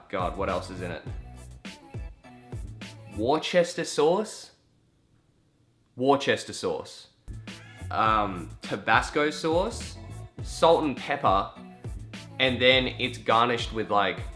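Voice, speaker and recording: Bright-voiced Australian young man. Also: on the low side. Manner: chatty, swears casually, acts out quoted voices. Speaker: vlogger. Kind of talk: casual storytelling vlog.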